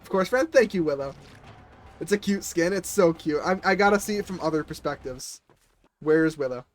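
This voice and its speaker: A man's voice: on the high side, animated, moderate pace, faint music behind. A man who is a little sick, chatting casually with viewers and players as he streams a game.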